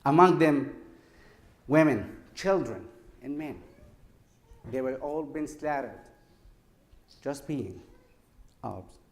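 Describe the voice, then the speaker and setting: Measured man telling a story on stage. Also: medium pitch, expressive. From Israel. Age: 30s. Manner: slow, deliberate, with dramatic pauses between phrases. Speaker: public speaker. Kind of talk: prepared storytelling speech. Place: lecture forum before an audience.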